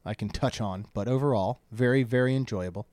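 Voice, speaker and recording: A man's voice: medium pitch, fairly quick, a little mellow, no room sound. A man co-hosting a casual podcast, trading dry, joking banter. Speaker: podcast co-host. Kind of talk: casual chat.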